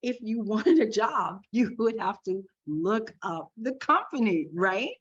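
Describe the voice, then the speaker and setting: A woman guest telling a story in a casual, animated way, laughing along. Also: mid-range voice, a little slow, husky. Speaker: podcast guest, makeup artist. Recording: dull lo-fi sound.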